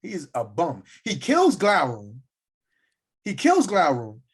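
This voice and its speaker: A man's voice: fairly high pitch, huge pitch swings, slow pace, husky. A man co-hosting a podcast, ranting in casual slang and acting out quoted lines. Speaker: podcast co-host. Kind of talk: casual chat.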